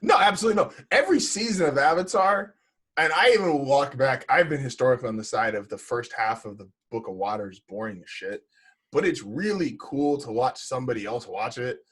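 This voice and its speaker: Male podcast co-host, husky voice, lively pitch, emphatic and opinionated. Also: a little fast. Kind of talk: casual podcast chat.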